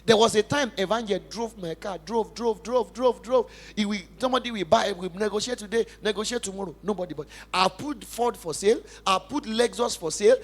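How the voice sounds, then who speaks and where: A young adult pastor from Nigeria with a Nigerian accent, giving an emphatic, passionate sermon testimony in church. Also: male voice, high-pitched, fairly quick, few pauses. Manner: emphatic, passionate preaching with big swings in loudness.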